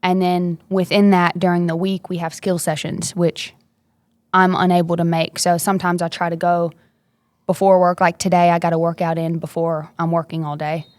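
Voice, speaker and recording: A woman's voice: lowish voice, little pitch movement, normal speed, darkish tone, no echo. A young woman, chatting casually and upbeat as a guest, laughing easily. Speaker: basketball player, podcast guest. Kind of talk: casual interview chat.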